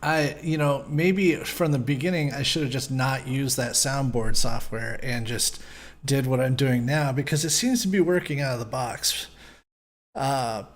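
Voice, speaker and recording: A man's voice: mid-range voice, measured pace. A man hosting a casual live podcast, rambling and self-deprecating, laughing often as he sets things up. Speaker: podcast host.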